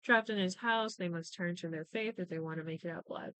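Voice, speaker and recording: A woman's voice: lowish voice, quick pace, fairly bright tone, clean tone, dry recording. A young woman hosting a podcast, chatting casually and animatedly, swearing freely and acting out the characters' lines as she recaps. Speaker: podcast host. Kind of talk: casual chat recapping shows.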